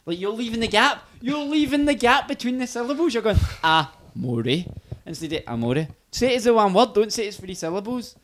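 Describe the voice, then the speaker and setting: A man's voice: very high voice, animated, fast, few pauses. A Glaswegian Scottish man co-hosting a podcast, ranting and swearing in casual banter and laughing often. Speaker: podcast co-host.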